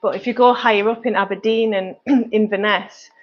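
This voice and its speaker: A woman's voice: mid-range voice, steady tone, moderate pace, highs cut off. A woman with a Manchester accent chatting casually as a fitness coach on a live stream, rambling with lots of fillers. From North West England.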